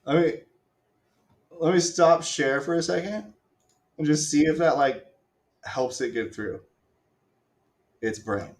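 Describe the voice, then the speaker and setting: A man's voice: a little high, takes it slowly, pauses often, echoey room. A man hosting a live stream, casually walking viewers through a game demo with self-mocking asides and the odd swear. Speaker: stream host.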